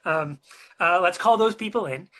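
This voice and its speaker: A webinar co-presenter telling a story in a casual, chatty way, filling pauses with um and uh and asking the listener questions. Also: medium pitch. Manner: chatty and animated, many um and uh fillers, asks the listener questions.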